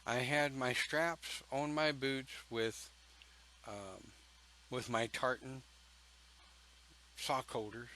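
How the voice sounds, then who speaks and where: A man telling a personal story in a slow, folksy, emphatic way, with pauses between phrases. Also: mid-range voice, fairly even intonation, pushed and bright, slight background noise, low-quality recording. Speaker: pagan church speaker.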